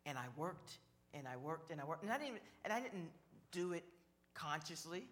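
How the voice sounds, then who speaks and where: A man preaching a sermon, slow and measured, building on repeated phrases. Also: a little high, fairly bright tone. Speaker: pastor.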